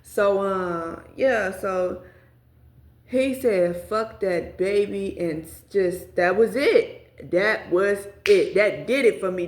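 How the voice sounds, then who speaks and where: Young woman, casual storytime vlogger, profane and chatty, mid pitch, echoey room. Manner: profane, animated, talks straight to viewers. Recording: roomy echo.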